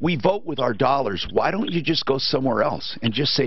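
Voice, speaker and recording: A man's voice: mid-range voice, expressive, a little fast, husky, dull audio. A man hosting a call-in radio talk show, giving blunt, opinionated advice to callers and reading live ads.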